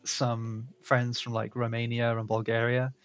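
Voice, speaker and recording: Guy hosting an art stream, kinda gravelly, chatty and jokey, some music playing faintly. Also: medium pitch, monotone, unhurried, no room sound, muffled recording. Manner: chatty, joking, laughs often. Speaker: stream host. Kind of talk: casual stream chat.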